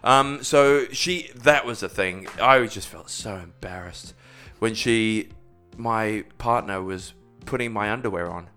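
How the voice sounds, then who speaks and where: Bright-voiced man telling a story. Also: measured pace, soft background music. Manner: animated storyteller, jumps to high voices for quotes. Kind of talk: casual chat, storytelling.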